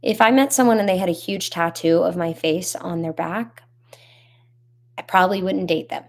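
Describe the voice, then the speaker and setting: A woman's voice: fairly low pitch, moderate pace, gravelly. A young woman singer casually chatting on a live stream, answering fans' comments with lots of ums and giggles. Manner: giggly, rambling, with many ums. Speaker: singer in a band, hosting a live chat. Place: home in Nashville.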